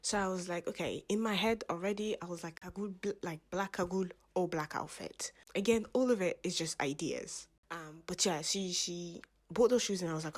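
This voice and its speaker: A young woman chatting to camera in a casual vlog, rambling and self-mocking, often dropping into soft half-whispered asides. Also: lowish voice, a little fast, hardly any pauses. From family from Gambia, French-speaking background. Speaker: vlogger.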